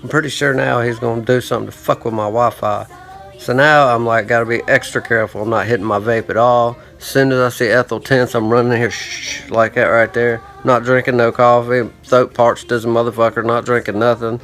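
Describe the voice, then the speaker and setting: A man's voice: medium pitch, flat delivery, fairly quick, a bit bright, soft background music. A man telling a rambling, profane story in a casual vlog monologue, with lots of "I'm like" and asides. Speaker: vlogger.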